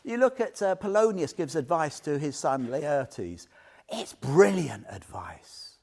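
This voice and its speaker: A man's voice: on the high side, slow, vocal fry. A man giving an informal Buddhist talk to a small group, telling stories with questions and laughter. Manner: animated storyteller, asks listeners questions, laughs often. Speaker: Buddhist teacher.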